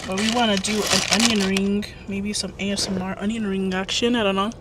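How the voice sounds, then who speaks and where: A woman's voice: mid-range voice, little pitch movement, fairly quick. A young woman hosting a casual lifestyle vlog, chatting in a bubbly, rambling way from inside a parked car. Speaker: lifestyle vlogger. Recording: distant mic with air conditioner hum. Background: air conditioner running.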